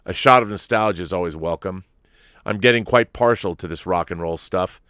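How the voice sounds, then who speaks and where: A man's voice: sits low, fairly quick, sharp tone, dry recording, clean studio sound. An actor playing a slightly drunk former spy from Liverpool in his fifties, giving a rambling, sardonic, sweary confession with a Liverpool accent in an audio drama monologue. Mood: rueful confession. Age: 50s.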